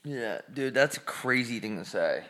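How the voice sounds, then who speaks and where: A man's voice: mid-range voice, animated, moderate pace, sharp tone. A man co-hosting a casual podcast from his living room, ranting profanely and emphatically, a little out of breath. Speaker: podcast co-host.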